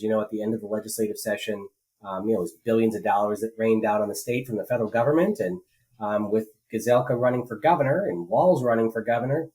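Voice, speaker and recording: A man's voice: mid-range voice, darkish tone, low-quality recording. A man co-hosting a political podcast, talking casually and rambling with many fillers and restarts. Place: rural home.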